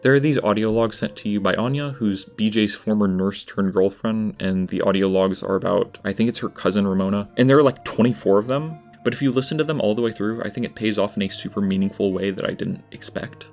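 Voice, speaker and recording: Low-ish voiced guy doing an honest game review, faint guitar behind. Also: fairly quick, few pauses, darkish tone. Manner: earnest and candid with dry asides. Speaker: video essay host. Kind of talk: scripted game review narration.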